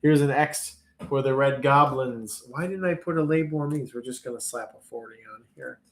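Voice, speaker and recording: This is a man hosting a casual live auction stream. His talk is playful and jokey as he chats through the lots. His voice sits at an ordinary, mid-range male pitch. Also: moderate pace. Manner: playful, jokey, chats while sorting and labeling. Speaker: livestream auction host.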